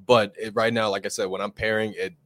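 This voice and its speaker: Relaxed low-voiced male co-host. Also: fast talker, dry recording. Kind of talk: casual chat, tasting notes.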